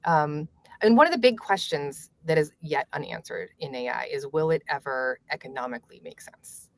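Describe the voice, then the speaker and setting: Female author guest, very low voice, measured answers, dry close recording. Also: no room sound. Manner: measured, laughs lightly, many fillers. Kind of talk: conversational interview.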